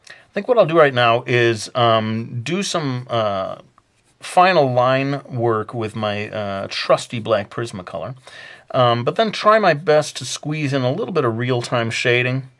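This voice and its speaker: Speaking at a measured pace, a man with a mid-range, fairly bright voice and lively intonation talks viewers through a relaxed drawing lesson as their instructor. His chatter meanders through many fillers, he pokes fun at himself, and he puts on a deliberately bad accent for laughs.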